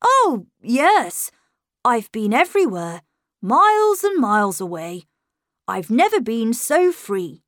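A woman voicing a clever young boy who speaks in a smooth, polite way with a cold edge underneath. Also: high-pitched, sing-song, slow, no room sound, clean studio sound, voice pushed up, heavily acted.

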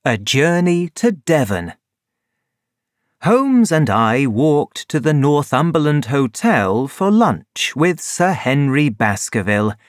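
Male narrator, audiobook reading, expressive lively pitch, slow pace. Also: no room sound, clean studio sound.

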